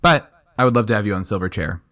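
A young man with a fairly low voice co-hosts a casual podcast. He talks in an animated, chatty way and keeps jumping off into side remarks. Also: fast talker. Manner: chatty, animated, jumps between asides. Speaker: podcast co-host. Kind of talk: casual chat.

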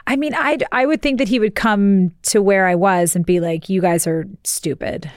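A woman's voice: medium pitch, lively intonation, moderate pace, smooth, no echo, clean studio sound. A woman co-hosting a podcast in casual chat, explaining things plainly and asking pointed questions. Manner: matter-of-fact, explains and questions. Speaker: podcast co-host.

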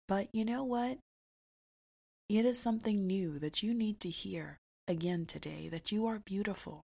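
Woman podcast host with a deep, gravelly voice and slow, emphatic inspirational delivery. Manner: warmly emphatic, repeats phrases slowly for effect.

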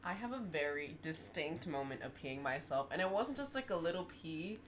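A woman's voice: sits low, normal speed, a little hiss or hum. A woman in her twenties, co-hosting a podcast, telling stories in a casual chat and laughing often. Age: 20s. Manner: animated storyteller who laughs often. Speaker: podcast co-host.

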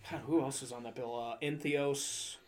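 A man's voice: mid-range voice, steady tone, normal speed. A man hosting a podcast in casual chat, telling concert stories with swearing and laughter.

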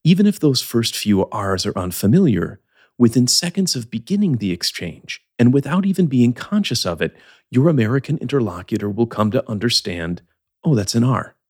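A man teaching English as the host of a scripted podcast lesson, speaking in a clear, measured, explanatory way. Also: medium pitch.

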